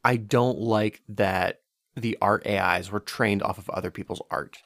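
Low-voiced man in dry, casual chat. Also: a little slow, creaky, no room sound. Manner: relaxed storytelling, some fillers. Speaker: podcast co-host.

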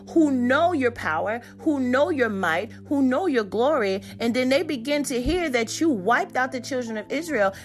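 A woman preaching a sermon, reading scripture and retelling it in emphatic, colloquial speech that builds to excited calls. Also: on the high side.

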